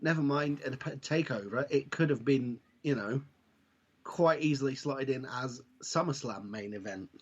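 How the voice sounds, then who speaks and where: Husky man, dry podcast chat. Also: mid-range voice, normal speed. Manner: dry, wry, rambling asides. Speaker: podcast co-host. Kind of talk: casual wrestling chat. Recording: dull lo-fi podcast audio.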